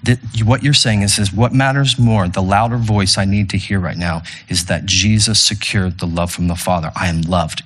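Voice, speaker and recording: A man preaching to his congregation, his voice low and a little husky. He speaks earnestly and doubles back on his words with restarts as he leads communion and prayer in a church room. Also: a bit bright. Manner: earnest, repeating phrases with stumbling restarts. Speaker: pastor. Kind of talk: sermon leading communion and prayer.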